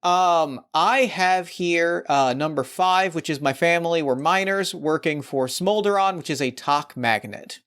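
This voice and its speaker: Before starting a tabletop role-playing session, the podcast's host and game master talks enthusiastically with a guest, upbeat and full of filler words. He has a smooth, fairly bright, fairly high voice and speaks unhurriedly with few pauses.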